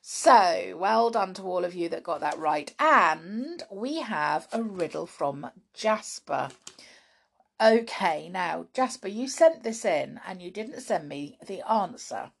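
A woman's voice: fairly low pitch, expressive, takes it slowly, vocal fry, husky. A British woman hosting a children's podcast, chatting playfully to young listeners about riddles and fun facts, often laughing.

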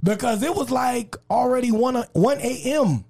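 High-voiced, gravelly man telling a story. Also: animated, normal speed, darkish tone. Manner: acts out every voice in his story, swinging pitch. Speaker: comedian and rapper guest. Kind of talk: animated storytelling in casual chat.

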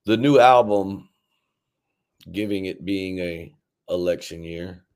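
A man's voice: sits low, slow pace, smooth. A man, a rapper guesting on a podcast, telling long stories with heavy swearing and lots of restarts. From Memphis, Tennessee. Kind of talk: casual storytelling conversation.

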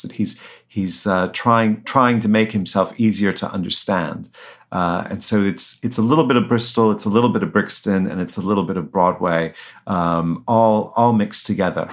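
A man being interviewed about his book, answering hesitantly with many restarts and fillers. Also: deep voice. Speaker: author guest.

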